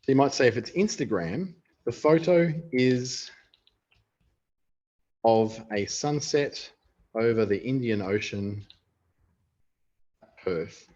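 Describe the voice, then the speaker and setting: A man's voice: medium pitch, lively intonation, slow pace, pauses often, a little mellow. An Australian man presenting an online webinar, chatting casually and thinking aloud as he demonstrates a writing tool. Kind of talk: casual live software demonstration. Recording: dull lo-fi webinar audio.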